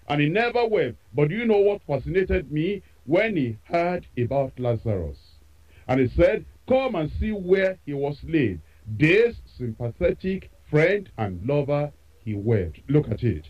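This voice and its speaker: Animated preacher man on lo-fi radio. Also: fairly high pitch. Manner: expressive preaching with emphatic repetition. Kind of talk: sermon.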